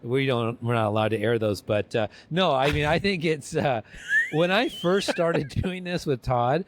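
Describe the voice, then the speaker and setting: A man's voice: medium pitch, normal speed, slight background noise. A man co-hosting a podcast, chatting casually in a rambling, self-deprecating way with frequent restarts. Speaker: podcast co-host. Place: convention venue.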